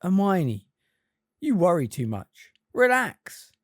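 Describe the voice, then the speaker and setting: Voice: mid-range voice, steady tone, fast, a little mellow, no room sound, clean studio sound, voice pushed up, close to an everyday voice. A fan reader voicing a hungry, irritable teenage boy wizard with a whiny, snappish delivery. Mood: grumbling.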